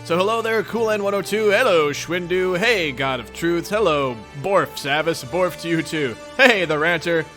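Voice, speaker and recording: A man's voice: high-pitched, expressive, moderate pace, hardly any pauses, bright, forceful tone, soft background music. A young man with a Midwestern accent, hosting a livestream and greeting viewers in a playful, goofy, upbeat way. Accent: Midwestern American. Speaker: livestream host reading a webcomic.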